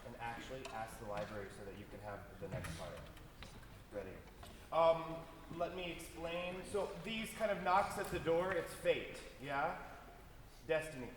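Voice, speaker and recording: In a large concert hall, recorded from a distance with echo and background noise, a man leads an orchestra rehearsal. His voice is on the high side with lively intonation and a moderate pace. He coaches the musicians, sings lines in syllables, and adds tag questions like "yeah?"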